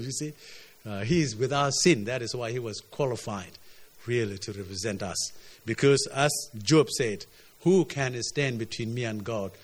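A man's voice: medium pitch, breathy edge. Man preaching with many "you see"s. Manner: repeats "you see" and restarts words often, swings between loud and hushed. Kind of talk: sermon.

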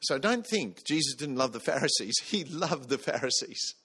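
A man's voice: medium pitch, animated, moderate pace, bright, forceful tone, breathy edge. A man preaching a sermon, earnest, putting questions to the congregation.

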